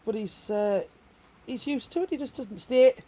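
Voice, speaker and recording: A woman's voice: fairly high pitch, normal speed, mellow. A middle-aged woman co-hosting a casual home live stream, chatting and teasing in easy banter. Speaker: co-host.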